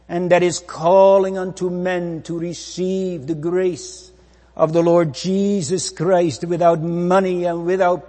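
A man delivers a funeral sermon in a slow, dark, mellow voice that sits a little high for a man. He preaches with solemn repetition, and a long hall reverb trails behind him. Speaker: pastor.

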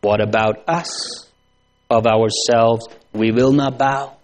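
A man preaching a sermon to a congregation, slow and solemn, building to emphatic pleading phrases. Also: mid-range voice, steady tone, a little hiss or hum.

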